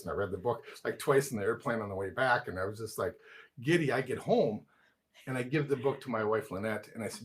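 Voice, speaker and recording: A man hosting a casual conversation, telling stories in an animated way and quoting himself and others. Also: mid-range voice, quick pace. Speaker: host.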